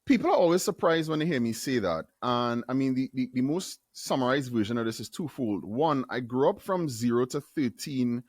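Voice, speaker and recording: A man in his forties from Trinidad with a Trinidadian accent, a guest telling stories in a casual interview, self-deprecating and quick to laugh. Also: medium pitch, no echo, clean studio sound. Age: 40s. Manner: animated storyteller, self-deprecating, laughs often.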